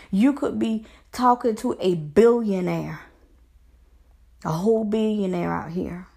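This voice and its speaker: A woman's voice: medium pitch, creaky, darkish tone. A woman life coach giving an earnest, preacher-like pep talk on faith, repeating phrases for emphasis. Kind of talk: motivational faith talk to camera.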